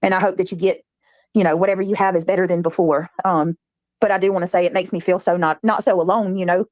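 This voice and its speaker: A woman's voice: lowish voice, fairly even intonation, fast, darkish tone, dry recording. A woman, chatting casually on her livestream and reading viewer comments.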